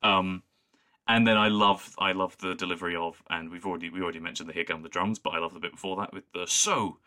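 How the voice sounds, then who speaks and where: A man's voice: sits low, steady tone, quick pace, sharp tone. A young man co-hosting a podcast, chatting casually and enthusiastically. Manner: enthusiastic, quotes lines in a put-on voice. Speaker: podcast co-host. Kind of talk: casual chat.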